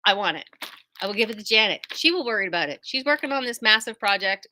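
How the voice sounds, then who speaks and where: A woman's voice: mid-range voice, fast, a little hiss or hum. A middle-aged woman who owns a quilt shop, chatting casually to viewers, wandering into tangents and poking fun at herself. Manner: chatty, tangent-prone, self-deprecating, lively asides. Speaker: quilt shop owner and host.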